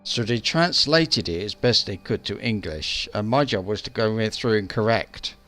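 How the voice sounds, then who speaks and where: A man's voice: fairly low pitch, lively intonation, moderate pace, fairly bright tone, faint music behind. A man streaming a game live, chatting casually in a rambling, hesitant way with lots of restarts.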